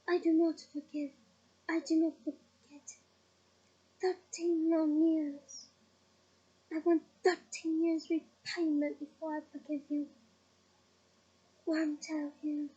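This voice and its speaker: Woman reads a soft-spoken, menacing male dark lord, slow and cold, high mellow voice, dull lo-fi sound. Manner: slow, soft, coldly measured speech. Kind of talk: audiobook reading.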